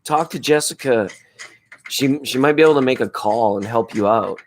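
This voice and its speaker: A man with a hoarse voice hosting a laid-back late-night tarot livestream, chatting with viewers in a rambling, spiritual way. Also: mid-range voice, normal speed, slight background noise. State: hoarse from screaming at a football game. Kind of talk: casual late-night chat reading viewer comments.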